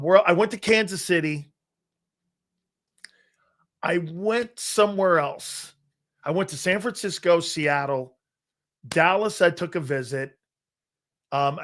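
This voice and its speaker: A man in his fifties hosts a live sports talk stream and tells locker-room stories from his playing days. His voice sits fairly high, and he swears freely, laughs often and quotes the people in his stories. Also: fairly bright tone. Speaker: sports talk show host, former player. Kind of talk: casual live-stream storytelling.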